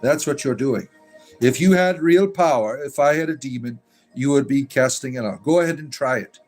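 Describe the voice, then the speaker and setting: A man's voice: medium pitch, normal speed, a little mellow, soft background music. A man hosting a spirituality livestream, chatting casually and answering comments in a rambling, combative way. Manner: rambling, combative, full of fillers and asides. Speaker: host of a pagan spirituality stream.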